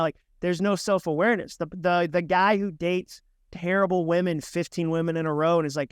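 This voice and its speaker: Animated man with a clear, smooth voice. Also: high-pitched, normal speed, no echo, clean studio sound. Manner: animated, illustrates points with voiced inner dialogue. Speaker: author and speaker, podcast guest. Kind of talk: conversational interview, storytelling with acted quotes.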